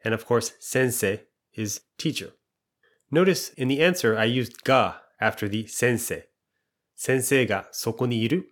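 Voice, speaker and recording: A man teaching a language lesson in a calm, even-paced way, laying out each point clearly. His voice sits at an ordinary middle pitch, and he pauses to ask quiz questions before walking through the answers. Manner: patient, clear step-by-step explanations with quiz questions.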